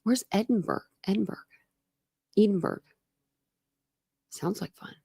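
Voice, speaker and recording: An American woman hosting a casual livestream from her room at home, drifting from one topic to the next with plenty of laughs and fillers. Her voice has a noticeable gravelly fry, and her pitch sits in the middle range for a woman. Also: measured pace, mellow. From United States. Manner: chatty and rambling, with frequent laughs and fillers. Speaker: true crime livestream host. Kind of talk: casual livestream chat with viewers. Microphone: desk camera setup.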